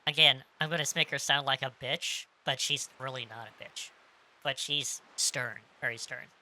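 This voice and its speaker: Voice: mid-range voice, fairly even intonation, moderate pace, pushed and bright. A streamer in casual game commentary, chatting and explaining the game as they play.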